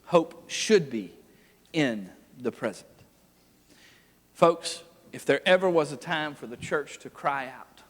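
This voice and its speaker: A man preaching a revival sermon, telling folksy stories with frequent laughs and building to loud, forceful preaching. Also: fairly high pitch. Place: church sanctuary. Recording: long church hall reverb.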